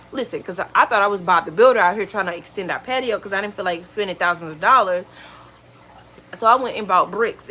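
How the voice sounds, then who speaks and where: A woman chats at home, telling her stories in a lively, exclaiming vlog style. Her voice sits a little high. A faint hiss runs under the recording. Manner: animated, exclaiming, dramatic retelling. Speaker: lifestyle vlogger. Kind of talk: casual storytelling chat.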